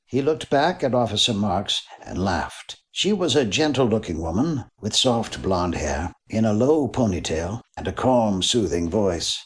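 A man's voice: fairly low pitch, measured pace, hardly any pauses. A man narrating a mystery novel as an audiobook, reading expressively. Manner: expressive reading with voiced characters.

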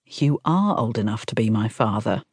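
A lively young woman, teasing and reassuring by turns, put on by a woman narrating a novel. Her lines ride higher than the narration and sound dry and close. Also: normal speed, breathy edge, dry recording, full character voice. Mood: teasing, soothing.

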